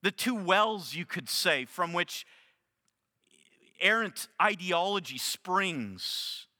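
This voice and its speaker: A man preaching an expository sermon, earnest, with slow emphatic phrasing and frequent restarts. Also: sits high, animated, sharp tone. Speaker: pastor. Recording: long reverb of a hall.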